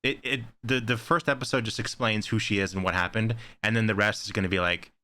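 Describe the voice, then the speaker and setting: A man co-hosting a casual horror podcast, rambling excitedly with lots of "like" fillers. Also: fairly low pitch, fast. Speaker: podcast co-host. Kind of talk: casual chat.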